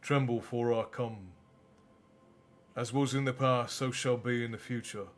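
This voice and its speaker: A man reading out the slow, ominous words of a vengeful, ancient dark male power. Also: mid-range voice, steady tone, lightly acted.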